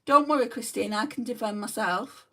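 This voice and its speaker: A woman's voice: a little high, normal speed, far from the mic. Chatty New Zealand woman on a makeup livestream. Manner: chatty, reads out and answers viewer comments. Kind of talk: casual chat reading live comments.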